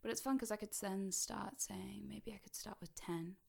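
A woman talks the listener through a hypnosis session in a teasing, mischievous way. Her husky, slightly gravelly voice sinks into a soft whisper for going deeper and comes back up brighter. She sounds playful and a little sly throughout. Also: fairly even intonation, moderate pace.

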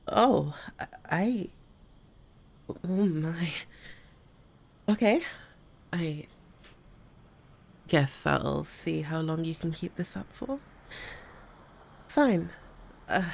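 A woman performing a one-sided audio role-play, swearing freely, often dropping to a hushed whisper and stammering through restarts when flustered. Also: lowish voice, extremely slow, gravelly, pauses often, husky.

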